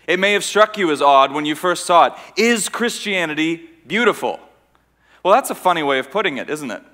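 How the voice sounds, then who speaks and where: A man raised in Austria giving a conference talk to a live audience, telling a story in an earnest, measured way with dramatic pauses. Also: fairly high pitch, expressive, sharp tone. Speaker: conference speaker. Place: large church hall.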